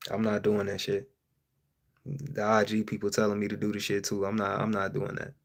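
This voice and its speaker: A man's voice: fairly low pitch, normal speed, creaky. Profane joking man hosting a live-stream. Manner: profane, joking, laughs often, animated swings in loudness. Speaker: streamer host.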